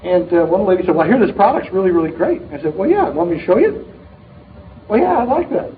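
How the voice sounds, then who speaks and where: A man's voice: sits high, big pitch swings, very fast, reverberant, a little hiss or hum. A middle-aged man giving an upbeat motivational talk to a live audience, telling joking stories in a punchy way. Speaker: sales leader speaking at a distributor meeting. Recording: tinny, narrow-band recording of a live talk.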